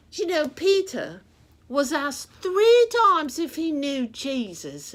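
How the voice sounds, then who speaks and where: A chatty rooster from a children's puppet show , voiced by a woman, reads Bible stories aloud in a high, sing-song voice that swoops all over. She takes her time, lingering on the words as she talks straight to the kids. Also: full character voice.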